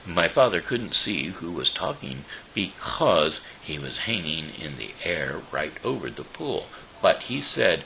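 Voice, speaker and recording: Slow, gravelly man reading a storybook. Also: deep voice, very animated, pushed and bright, a little hiss or hum, poor audio. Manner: halting, with small slips. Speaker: show host. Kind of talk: storybook read-aloud.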